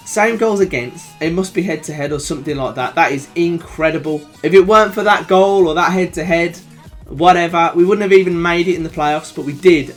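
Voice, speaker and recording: A young man with a Birmingham accent commentating over a football video game, chatting calmly and then shouting with excitement at big moments. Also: fairly high pitch. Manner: excitable, swings from calm chat to shouting at goals. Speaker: gaming YouTuber.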